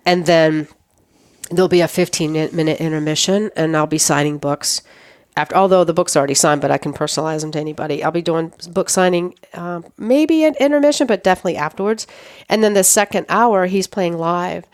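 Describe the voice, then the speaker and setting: Middle-aged woman interview guest, animated storyteller, lowish smooth voice, close and dry. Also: a little fast, dry recording. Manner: animated storyteller who acts out quoted dialogue.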